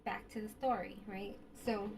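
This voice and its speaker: Lady rambling on to her viewers, keeps asking if they get it, middle pitch, bit of quiet hum behind. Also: steady tone, moderate pace, gravelly. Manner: repetitive, rambling, asks listeners questions; sprinkles in Yiddish and Hebrew words. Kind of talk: rambling casual monologue.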